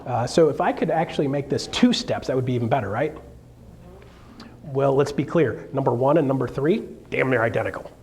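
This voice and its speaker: A man coaching real estate agents in a live seminar, animated and joking, often checking in with the room with quick questions. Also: mid-range voice.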